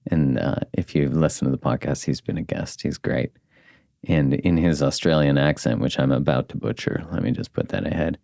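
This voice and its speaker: Very deep-voiced man, candid podcast chat. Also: steady tone, normal speed, vocal fry, mellow, no echo, clean studio sound. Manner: candid, swears casually, reflective. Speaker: podcast host. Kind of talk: casual conversation.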